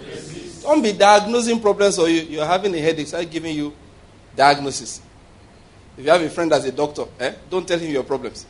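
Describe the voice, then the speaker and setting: A man's voice: fairly high pitch, fairly quick, slight background noise. A man preaching a humorous sermon, laughing often and quizzing his congregation. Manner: jokey, laughs often, asks the crowd questions. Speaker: preacher who is also a doctor. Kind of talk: humorous sermon with call-and-response.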